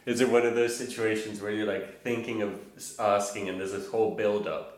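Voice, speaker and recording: A man co-hosting a podcast in casual chat, reacting quickly and asking teasing questions. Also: fairly low pitch, steady tone, roomy sound, low-quality recording. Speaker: podcast co-host.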